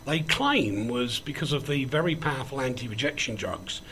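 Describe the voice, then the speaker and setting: A man's voice: mid-range voice, expressive, moderate pace, sharp tone, slight background noise. A man hosting a casual radio chat show, joking and rambling with frequent ums as he moves between banter and news. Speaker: host.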